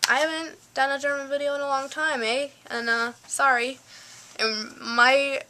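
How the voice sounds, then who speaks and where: A woman's voice: sits high, level tone, normal speed, sharp tone, slight background noise. A young woman vlogging casually, rambling with lots of "like" and "um", filmed on a handheld camcorder. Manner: rambling, full of fillers and "like". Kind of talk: casual chat. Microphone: flip cam.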